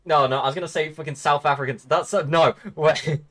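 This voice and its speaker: A young English man from Britain, hosting a casual stream interview, excitable, swearing a lot and laughing often. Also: a little high, fairly quick. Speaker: streamer host.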